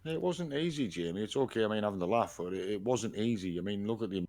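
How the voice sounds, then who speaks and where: A man's voice: fairly low pitch, expressive, quick pace, darkish tone, no room sound. A man co-hosting a podcast, retelling military history earnestly and often repeating words as he searches for them. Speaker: podcast co-host. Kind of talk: casual chat.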